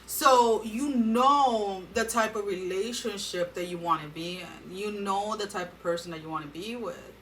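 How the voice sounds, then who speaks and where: A woman gives an earnest tarot reading straight to her viewers in a bright, sharp voice. She sits a little back from the microphone, with a faint hum in the background. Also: medium pitch, moderate pace, hardly any pauses, recorded from a distance, rough recording. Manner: earnest, addresses viewers directly with advice. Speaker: tarot reader.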